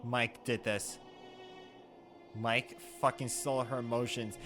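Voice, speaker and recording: A man's voice: medium pitch, flat delivery, slow, long pauses, a bit bright, soft background music. A man streaming a video game with casual commentary, swearing in exasperated outbursts. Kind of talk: casual let's-play commentary.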